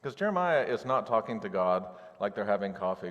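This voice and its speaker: Pastor guy giving a sermon, chatty and joking, low voice, long reverb. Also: very animated, fairly quick, dull audio. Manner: conversational, with humorous asides.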